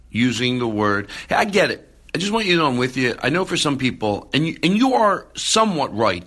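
Excitable male podcast host, bright voice, rambling restarts, phone recording. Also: medium pitch. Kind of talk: casual podcast talk. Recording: phone recording, far from the mic.

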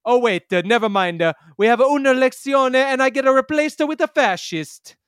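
A man's voice: extremely high pitch, expressive, moderate pace, smooth, no echo, studio quality, pitched above the performer's own voice. A man putting on a pompous Italian prime minister with a mock Italian accent and broken English. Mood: boastful. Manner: broken English, loud and sing-song.

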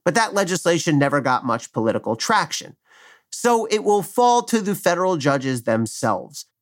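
A middle-aged man, a former prosecutor, reading an opinion commentary in a measured, wry, argumentative way. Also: fairly high pitch, big pitch swings.

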